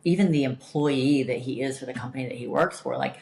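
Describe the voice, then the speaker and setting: A woman's voice: very deep voice, fairly quick, creaky, darkish tone. A woman hosting a podcast in candid casual chat, emphatic and blunt, swearing freely. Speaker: podcast host.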